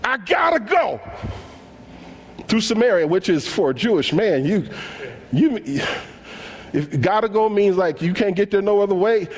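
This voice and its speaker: A man's voice: high-pitched, measured pace, long pauses. A man preaching a sermon in African American English, acting out the dialogue in casual slang as he tells stories. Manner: animated storytelling, acts out dialogue in casual slang. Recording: long hall reverb.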